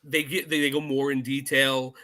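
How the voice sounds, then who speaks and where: A man co-hosting a casual film podcast, animated, laughing often and swearing casually. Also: medium pitch, normal speed. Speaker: podcast co-host.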